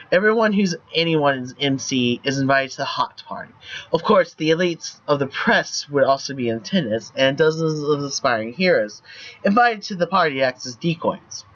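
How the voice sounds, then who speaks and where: A man's voice: on the high side, a bit bright, highs cut off. A man streaming, reading a choice game's text aloud in a playful way with banter. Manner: playful, laughs at the lines.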